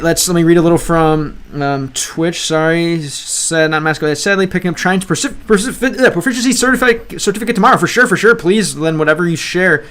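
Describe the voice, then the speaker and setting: A man's voice: on the high side, fairly bright tone. A man livestreaming as he studies a language, chatting casually, thinking aloud, reading the chat and often restarting his sentences. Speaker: language-learning streamer.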